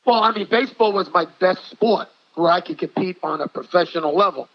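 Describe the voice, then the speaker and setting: A man's voice: high voice, fairly quick. Older rambling New York man. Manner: rambling, chatty, repeats himself. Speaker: guest, former ballplayer and coach. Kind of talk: interview storytelling. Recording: dull lo-fi audio.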